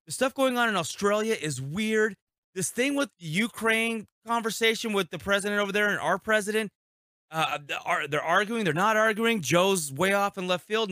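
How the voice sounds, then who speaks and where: A man's voice: high-pitched, pushed and bright, no room sound, studio quality. A man on a podcast panel, ranting in an emphatic way and laughing as he talks. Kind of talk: casual ranting.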